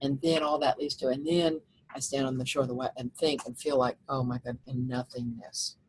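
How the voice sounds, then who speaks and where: A woman's voice: rumbling low, flat delivery, brisk, slight background noise, low-quality recording. A woman teaching a recorded lecture over slides, explaining step by step with frequent fillers and restarts.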